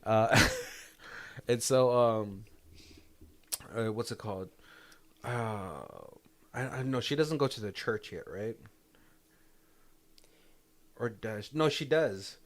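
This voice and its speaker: A man's voice: lowish voice, slow pace, pauses often. A man co-hosting a podcast, casually retelling a movie's scenes with frequent laughter and quoted lines. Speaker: podcast co-host. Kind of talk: casual movie commentary chat.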